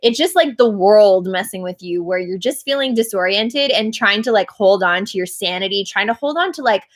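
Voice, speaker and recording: A woman's voice: mid-range voice, moderate pace. A woman singer co-hosting a casual livestream chat, bubbly and laughing often, with many filler likes. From Canada. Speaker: band singer and livestream co-host.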